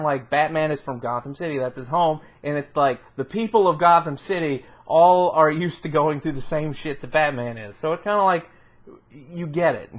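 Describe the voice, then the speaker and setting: A man's voice: fairly high pitch, a bit bright. Rambling, giggly man reviewing a film. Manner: rambling, filler-heavy, laughs often, swears casually. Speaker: movie reviewer. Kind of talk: casual spoken film review.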